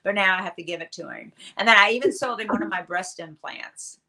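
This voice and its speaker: A woman in her sixties, a guest on an interview show, telling chatty, animated stories full of fillers. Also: medium pitch, fairly quick, vocal fry, crowd noise. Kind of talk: casual storytelling interview.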